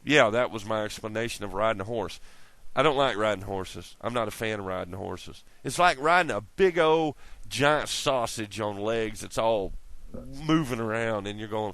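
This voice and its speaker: A man talks in a loose, rambling monologue, his pitch leaping up and down as he goes. He swears freely, laughs at his own jokes and wanders from one tangent to the next. The sound is dry and close, with no room around it. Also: lively intonation, normal speed, a bit bright, no room sound. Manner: profane, laughing, jumps between tangents. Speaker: vlogger.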